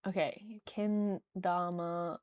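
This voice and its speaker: A woman's voice: fairly low pitch, level tone, drawn-out words, dry recording, lo-fi sound. A young woman chatting casually on a livestream, rambling with lots of fillers. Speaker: streamer.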